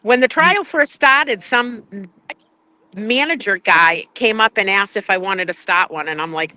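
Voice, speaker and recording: An older woman chatting casually on a live stream from outside a courthouse, animated and quick to laugh. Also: mid-range voice, rough recording. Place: outdoors outside a courthouse, crowd nearby.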